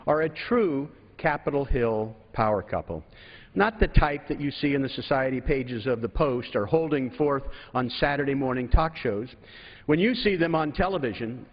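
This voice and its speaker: A man giving a measured, gracious tribute speech as a congressman in a large legislative chamber, at a podium microphone. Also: on the high side. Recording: reverberant chamber, dull broadcast audio.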